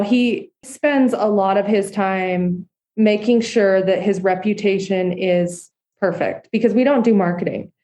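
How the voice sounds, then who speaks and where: A woman home builder answering interview questions. Her voice has a mellow, warm tone. She explains things earnestly and steadily, with relaxed fillers. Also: fairly low pitch. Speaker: custom home builder guest.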